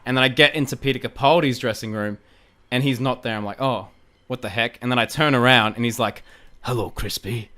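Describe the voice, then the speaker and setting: A young man with an Australian accent, telling a story in an excitable casual podcast chat, often laughing and repeating himself. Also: medium pitch, fairly quick, a little hiss or hum. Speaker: guest, fan video creator.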